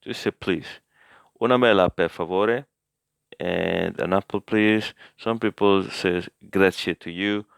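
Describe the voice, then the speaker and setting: A man's voice: deep voice, unhurried, vocal fry, no echo, clean studio sound. A man giving a casual language lesson recap, explaining hesitantly as he thinks aloud and corrects himself. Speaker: language learner teaching a recap.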